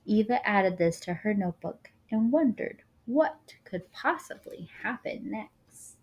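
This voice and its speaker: Slow, expressive woman reading a picture book. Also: mid-range voice. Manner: expressive, with casual asides to listeners. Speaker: storyteller.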